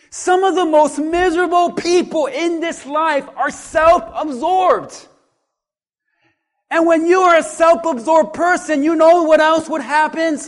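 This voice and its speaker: A pastor preaching a sermon, swinging from quiet asides to loud, animated calls and acting out what people say. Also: male voice, very high-pitched.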